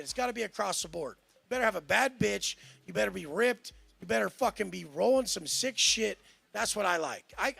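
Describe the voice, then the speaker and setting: A man's voice: sits high, vocal fry, pushed and bright, breathy edge, dry recording. A man on a panel ranting boastfully and aggressively, swearing constantly. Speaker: panel guest. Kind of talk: brash panel talk.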